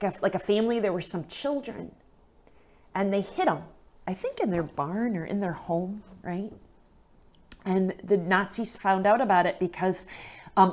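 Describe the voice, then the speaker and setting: A woman's voice: on the low side, a little mellow. A woman telling a moving faith story in a casual, earnest way, with lots of fillers and asides, at times close to tears. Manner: earnest and emotional, many fillers and "right?". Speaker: guest speaker.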